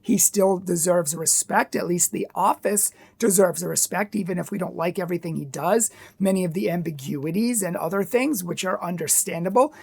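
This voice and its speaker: Woman ranting earnestly, lots of rhetorical questions, bit of vocal fry. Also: on the low side, normal speed, few pauses, darkish tone. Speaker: commentator. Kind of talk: opinion commentary.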